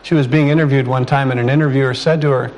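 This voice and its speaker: A man preaching a sermon, reading scripture slowly and deliberately, with calm conversational asides. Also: mid-range voice, poor audio. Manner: slow, deliberate reading with emphatic pauses.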